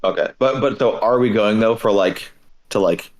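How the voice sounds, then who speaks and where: A man's voice: fairly low pitch, moderate pace, poor audio. A man playing in a tabletop game, asking the game master questions in casual, hesitant talk with repeated words. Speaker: player.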